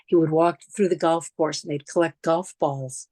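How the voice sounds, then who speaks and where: A woman's voice: sits low, fairly even intonation, moderate pace, mellow, no echo. A middle-aged woman with a New York accent, giving a memorial lecture as conversational, reflective personal storytelling with slides. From New York City. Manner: conversational, reflective, frequent restarts and asides.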